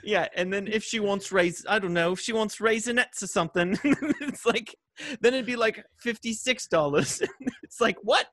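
A man's voice: sits high, normal speed, a bit bright, no room sound, studio quality. A man in his thirties co-hosting a casual movie chat, laughing often and retelling scenes with animation. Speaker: podcast co-host.

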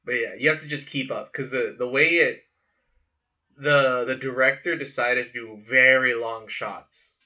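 Young man, rambling movie talk, some swearing, bright forceful tone, dull lo-fi recording. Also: medium pitch, steady tone. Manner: rambling, profane, drawn-out explanations. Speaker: podcast co-host. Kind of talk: casual chat about movies. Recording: dull lo-fi sound.

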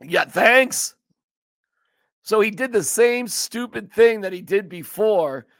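A man hosting a sports podcast, ranting casually in an animated, emphatic, joking way. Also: high voice, takes it slowly, creaky, no room sound, clean studio sound.

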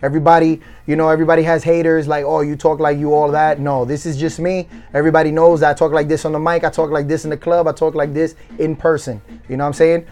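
A confident man from Connecticut talks about his DJ career in a casual interview. His voice sits slightly high, and he slides between English and Spanish. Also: level tone, quick pace, hardly any pauses, a little mellow. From Stamford, Connecticut. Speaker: guest DJ.

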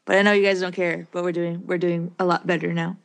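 A woman's voice: lowish voice, little pitch movement, fast. A woman co-hosting a casual chat, hesitant and often laughing. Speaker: podcast co-host.

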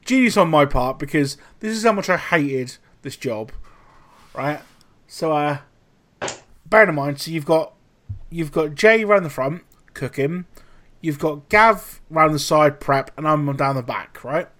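A man's voice: fairly high pitch, unhurried. A man hosting a podcast, telling a story in casual chat with lots of swearing. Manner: animated storytelling, heavy swearing. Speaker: podcast host.

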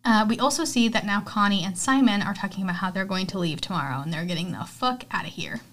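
A woman's voice: medium pitch, expressive, fast talker, a bit bright. Woman, podcast host, casual movie recap, rambling, filler-heavy. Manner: rambling, heavy on "like", swears freely.

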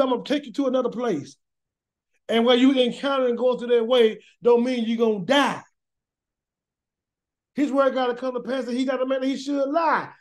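A Bible teacher preaches loosely through an informal weekly Torah study, his voice high for a man and a little mellow. His speech is plain and colloquial, full of "y'all" and "gonna." He's emphatic, repeats himself to build a point, and keeps posing rhetorical questions that he answers himself.

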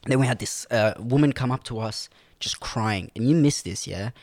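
A young man co-hosting a casual chat, telling stories with lively acted-out quotes and frequent laughs. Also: mid-range voice, normal speed, no echo, clean studio sound. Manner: animated storyteller, acts out quotes, laughs often. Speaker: podcast co-host.

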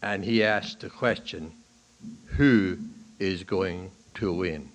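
A man preaching a sermon to a congregation in a church. He swings from hushed, low lines to loud, high bursts on key points and asks the listeners questions. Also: slow. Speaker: pastor. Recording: archival sermon recording.

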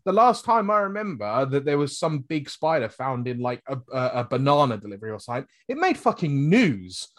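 A man's voice: mid-range voice, sing-song, a little fast, hardly any pauses, no echo, clean studio sound. A man, co-hosting a casual podcast, chatty and laughing often.

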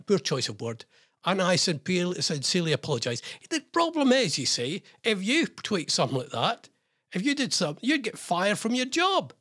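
A British man hosts a radio show from a studio, commenting on the news with mocking sarcasm. His voice is husky and sits a little high, and it swings up and down widely as he talks. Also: sharp tone. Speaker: radio presenter.

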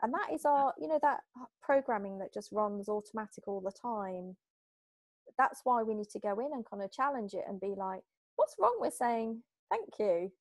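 A woman's voice: medium pitch, moderate pace, no room sound. Chatty British woman hypnotherapist. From Britain. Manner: chatty, animated, acts out little quoted exchanges. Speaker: hypnotherapist guest. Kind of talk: casual interview talk.

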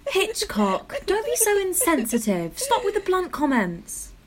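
A woman's voice: high voice, big pitch swings, measured pace. A woman voicing an earnest, prim young detective's assistant in a comedy audio drama. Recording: noisy recording.

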